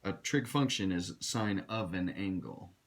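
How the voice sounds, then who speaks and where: A man's voice: low voice, measured pace. A man teaching a recorded math lesson, direct and instructive, talking to his students. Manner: direct, instructive, addresses students as you guys.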